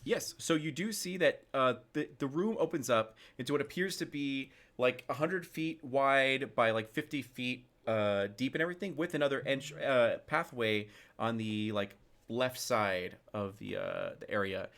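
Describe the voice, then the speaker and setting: Male game master, mid-pitch, rambling scene narration with lots of fillers. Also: moderate pace, fairly bright tone. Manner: loose, filler-heavy description.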